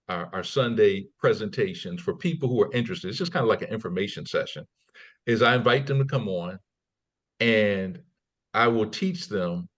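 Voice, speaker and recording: A man as a podcast guest, talking casually and acting out quoted people in raised voices, often repeating and restarting words. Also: on the low side. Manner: animated storyteller, acts out quotes in raised voices. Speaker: guest, trading company CEO. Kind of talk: conversational interview.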